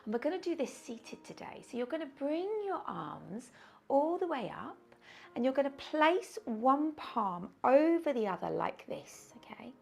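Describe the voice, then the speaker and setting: A woman teaching a yoga class over a video call, guiding slow breathing in a soothing way with audible sighs. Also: sits high, very animated, vocal fry, a little mellow. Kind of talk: guided yoga class instruction. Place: indoors, windy weather outside.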